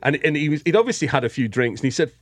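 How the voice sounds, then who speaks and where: A man from England with a British accent, a guest telling lively anecdotes in casual chat and laughing often. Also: on the high side, rapid-fire, dry recording. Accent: British English. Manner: animated storyteller, laughs often.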